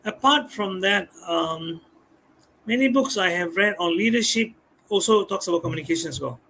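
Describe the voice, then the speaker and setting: Guest speaker, a man with a high voice, lively and repeats himself, faint noise in the background. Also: normal speed. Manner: animated, acts out customers' voices, repeats words. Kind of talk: live-stream talk on communication skills.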